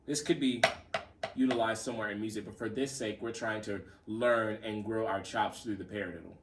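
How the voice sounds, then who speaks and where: A man's voice: on the low side, brisk, far from the mic, heavy background noise. A man giving a casual drum lesson, calling out the sticking and explaining as he plays. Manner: relaxed, repeats himself, counts stickings aloud. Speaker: drum teacher. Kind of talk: casual spoken lesson with demonstrations.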